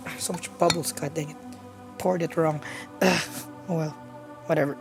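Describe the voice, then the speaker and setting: Woman streamer, lowish voice, rambling casual chat over faint music. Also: fairly even intonation, moderate pace, vocal fry, long pauses. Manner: rambling, chatty, many fillers and restarts.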